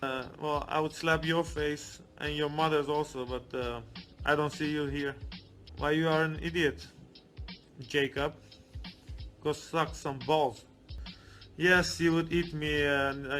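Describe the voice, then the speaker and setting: A man's voice: on the high side, fairly bright tone. A man putting on a brash male fighter who trades crude insults with online critics in broken phrasing.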